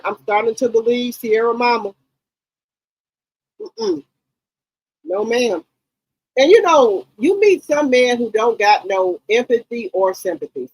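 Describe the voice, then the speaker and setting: An outspoken woman in her late forties or fifties hosts a gossip chat. Her voice sits a little high and husky, and it swings up and down in lively swoops. The sound is dry and close. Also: no room sound, rough recording. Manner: animated, outspoken and profane. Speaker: gossip channel host. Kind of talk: casual commentary to viewers.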